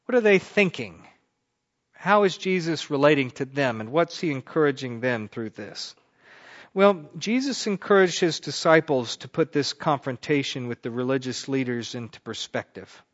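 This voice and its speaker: A man's voice: medium pitch, expressive, moderate pace, a bit bright. Man teaching Scripture in a dull recording. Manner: conversational, rising emphatic swells on key words. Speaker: pastor teaching a Bible class. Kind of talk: sermon-style Bible teaching.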